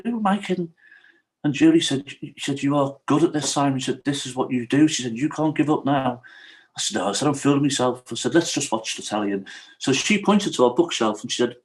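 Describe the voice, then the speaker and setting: A middle-aged Englishman speaks as a podcast guest. He talks in a voice of ordinary pitch. His telling is earnest and emotional, and he acts out the lines of the people in his story. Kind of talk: personal storytelling in conversation.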